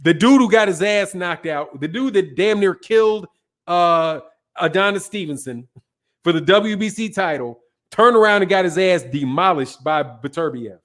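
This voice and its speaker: A man's voice: sits high, lively intonation, moderate pace, fairly bright tone. A man hosting a casual live stream, reading viewer comments and answering in a brash, profane, emphatic way, often repeating himself. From Chicago. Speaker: boxing talk show host answering viewer chat.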